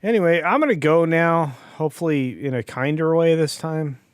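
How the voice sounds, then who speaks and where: A man's voice: a little high, moderate pace, smooth, no echo, studio quality. A man joining a casual comedy chat, blunt and swearing as he makes his point.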